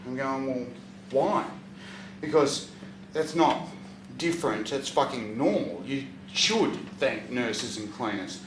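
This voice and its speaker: A man telling a profane stand-up story, breaking into loud shouts at punchlines. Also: medium pitch, animated, slow, background noise. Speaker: stand-up comedian. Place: comedy venue stage, audience laughter. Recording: echoey live venue from far off.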